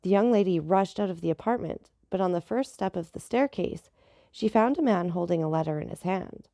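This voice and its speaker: A woman narrating a classic novel in a measured storybook reading, giving the dialogue light voices. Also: on the low side, lively intonation, creaky, mellow, dry recording, clean studio sound. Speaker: audiobook narrator.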